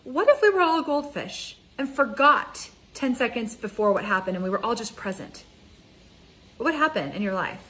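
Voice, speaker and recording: A woman life coach giving an energetic, conversational motivational talk, speaking straight to her viewers. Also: a little high, moderate pace, rough recording. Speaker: mind ascension coach.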